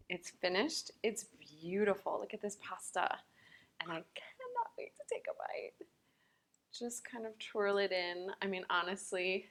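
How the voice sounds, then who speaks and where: A woman's voice: medium pitch, a bit bright, a little hiss or hum. A woman chef teaching a cooking lesson in a kitchen, chatty and enthusiastic, talking straight to the viewers.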